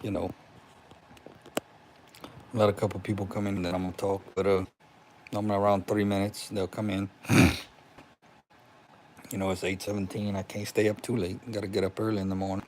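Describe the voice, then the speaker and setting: Guy livestreaming from home, lowish voice, chatty and pumped, greets folks by name, faint hum behind. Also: moderate pace, long pauses. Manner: excited, talks to viewers by name, relieved. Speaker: livestream host. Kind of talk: casual livestream chat. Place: home room with TV.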